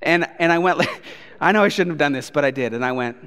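A man in his thirties preaches a sermon in a church auditorium, his fairly high voice carrying a long, ringing reverb. He tells stories with animated delivery and breaks into his toddler's replies. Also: fast talker, clear, resonant tone. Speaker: pastor.

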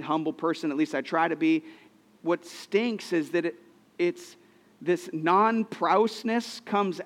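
A man's voice: a little high, a bit bright, in a large hall. A man in his thirties preaching a sermon, telling personal stories in an earnest way, often restarting his sentences. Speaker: pastor.

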